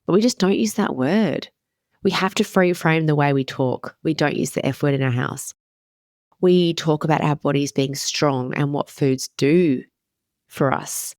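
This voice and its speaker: A woman in her thirties talks as a podcast coach, candid and emphatic and happy to swear. Her voice sits low with a gravelly fry running through it. The sound is close and dry, with no room around it. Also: a little slow, a little mellow, no echo. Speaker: podcast host and wellness coach. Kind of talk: casual motivational podcast talk.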